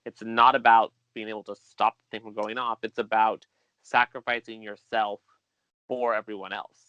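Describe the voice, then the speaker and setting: A man's voice: fairly low pitch, flat delivery, moderate pace, sharp tone, clear, resonant tone, no room sound. A man speaking as a guest in a casual podcast chat, earnest and a little rambling. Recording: dull lo-fi sound.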